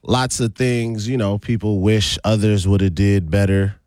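A man from hosting a casual radio talk show, unhurried and drawn-out, laughing often. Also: lowish voice, fairly even intonation, a little mellow, dry recording. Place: radio studio. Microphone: studio microphone. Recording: dry close studio sound.

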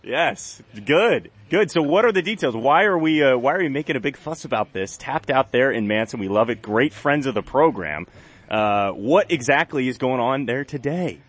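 A man's voice: medium pitch, animated, normal speed, a bit bright, breathy edge. A man with a nasal voice hosting community radio from the studio, chatting in a jokey, self-deprecating way. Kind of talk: casual live radio chat.

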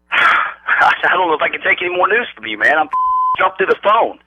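A man's voice: high-pitched, very animated, moderate pace, pushed and bright, breathy edge. A man on the phone in a prank call, stunned and stammering, laughing in disbelief. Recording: phone line.

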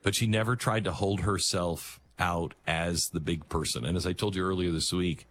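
A male talk show host giving an earnest, emphatic monologue with halting restarts. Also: low voice, steady tone, fairly bright tone.

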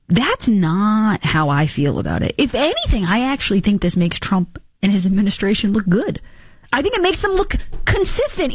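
A woman hosting a political commentary show, voice sitting a little high and swinging up and down constantly. She is sarcastic and animated and slips into mocking voices of other people. The sound is dry and close, with no room around it. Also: no echo.

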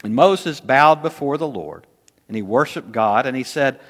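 A man preaching a sermon as pastor, earnest, slowing down to stress key words. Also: medium pitch, animated, fairly bright tone, big-room sound.

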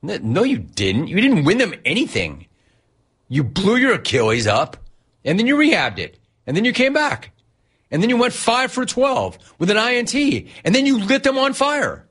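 A man's voice: sits high, wildly swooping pitch, normal speed, fairly bright tone, slightly rough. A man hosting a sports radio show, ranting sarcastically and incredulously at a player. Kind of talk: ranting sports talk monologue.

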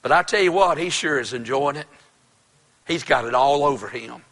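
Wry old father, as a preacher puts him on, dry, lower voice, bright tone. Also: normal speed.

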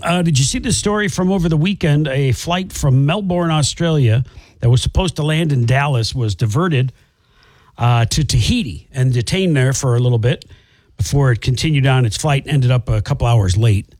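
A male radio co-host retelling a news story in casual chat, animated and indignant. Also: mid-range voice, moderate pace, no room sound, studio quality.

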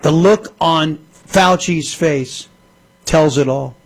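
A man's voice: a little high, takes it slowly, breathy edge, poor audio. A man hosting a talk radio show, giving combative, sarcastic commentary and taking calls. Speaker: radio host.

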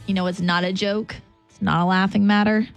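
A woman's voice: medium pitch, little pitch movement, fairly quick, dull audio, soft background music. A woman radio host chatting casually and reading a live store ad, correcting herself and stumbling over the fine print. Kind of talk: casual morning radio banter.

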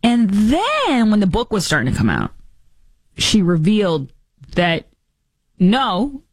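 A woman's voice: wildly swooping pitch, slow pace, dry recording. A woman hosting a talk show, giving mocking, sarcastic political commentary with theatrical asides. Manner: mocking, theatrical, does squeaky impressions.

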